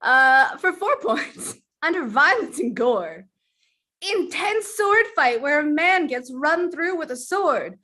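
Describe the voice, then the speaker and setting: A woman's voice: high voice, big pitch swings, takes it slowly, sharp tone. A woman guest-hosting a casual online trivia game, laughing often as she reads out clues. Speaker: guest game show host.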